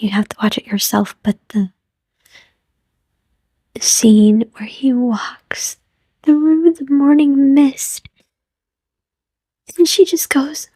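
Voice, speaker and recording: A woman's voice: high-pitched, warm tone, no room sound. A young woman vlogger recapping a favorite movie in a gushing, casual way, often dropping to a whisper and acting out the characters' lines. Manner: gushing, often drops into whispers, acts out quotes.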